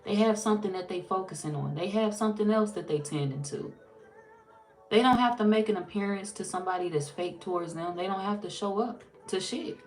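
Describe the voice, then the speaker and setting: A woman's voice: mid-range voice, brisk, faint music behind. A woman doing a casual tarot reading, blunt and sassy, swearing freely and talking straight to the viewer. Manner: blunt, sassy and heavily profane; animated, talks straight to the viewer. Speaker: tarot reader.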